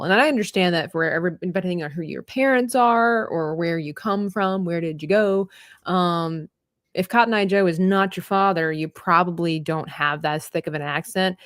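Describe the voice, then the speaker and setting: A woman's voice: fairly low pitch, no echo, clean studio sound. A woman chatting casually as she paints on a livestream, rambling and trailing off mid-thought. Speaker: livestreaming artist. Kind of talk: casual chat while painting.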